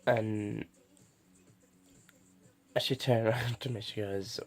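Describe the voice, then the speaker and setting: Young man for a to-camera vlog: gravelly, slightly low, halting and full of restarts. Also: fairly even intonation, faint music behind. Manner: halting, many restarts and fillers. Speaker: vlogger. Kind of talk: personal storytelling to camera.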